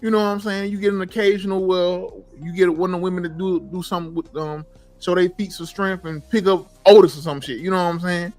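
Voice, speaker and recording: A man on a podcast, pitching wrestling to newcomers in a rambling, loose way, restarting his sentences often. His voice runs slightly high, with faint music behind him. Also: fairly even intonation, fast talker, darkish tone. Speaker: podcast co-host. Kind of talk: casual chat.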